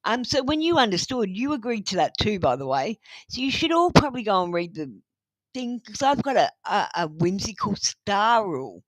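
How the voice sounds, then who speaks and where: A woman's voice: mid-range voice, very animated, moderate pace, poor audio. A middle-aged woman with an Australian accent doing a live tarot reading, blunt, motherly and swearing freely. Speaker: tarot reader.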